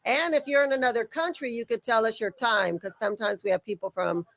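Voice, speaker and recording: A woman's voice: fairly high pitch, fairly quick, gravelly, a bit bright, no room sound. A woman co-hosting a casual live watch-along stream, chatty and playful in her banter. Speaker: livestream co-host.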